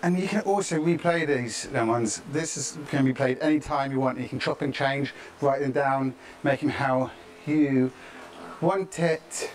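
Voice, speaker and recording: A man's voice: medium pitch, unhurried, slight background noise. A man coaching a live-streamed workout, chatty and encouraging, often checking in with "yeah?". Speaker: fitness coach. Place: outdoors, in the tropics.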